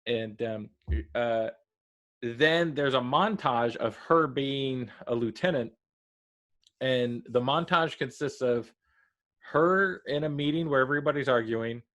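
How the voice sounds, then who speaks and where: A man co-hosting a casual review chat, talking in a rambling, halting way with lots of fillers and lively quoted asides. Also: mid-range voice. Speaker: podcast co-host reviewing a TV episode.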